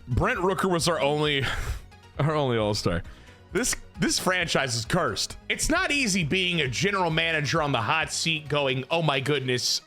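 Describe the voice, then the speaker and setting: A man commentating on his own run through a baseball video game's franchise mode, excitable and exasperated and swearing freely. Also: high-pitched. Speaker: gaming YouTuber.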